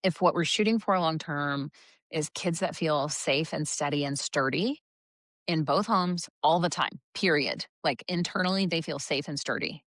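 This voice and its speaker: A woman's voice: low-pitched, moderate pace, fairly bright tone, no room sound, studio quality. A middle-aged woman co-hosting a casual parenting podcast, chatty and quoting herself in a sing-song voice. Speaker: podcast co-host.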